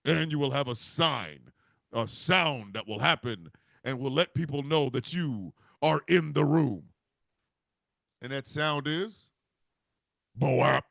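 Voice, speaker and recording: Guy doing a big bossy devil voice, solemn commands, sharp and dry. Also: mid-range voice, slow pace, gravelly, pauses often, dry recording, voice pushed down. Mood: commanding. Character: booming devil, father of the Antichrist.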